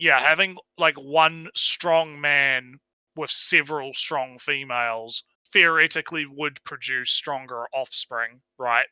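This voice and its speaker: A man's voice: on the high side, steady tone, takes it slowly, sharp tone, clear, resonant tone, no echo, poor audio. A man with a New Zealand accent chatting casually on a stream, rambling, swearing and laughing as he talks. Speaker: podcast co-host.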